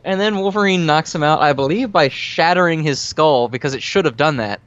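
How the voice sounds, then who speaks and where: Male podcast co-host, higher voice, smooth and resonant, profane sarcastic recaps; dull, dry lo-fi mic. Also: fairly bright tone, no echo. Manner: rapid, profane plot-recapping with sarcastic asides. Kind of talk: casual movie recap chat.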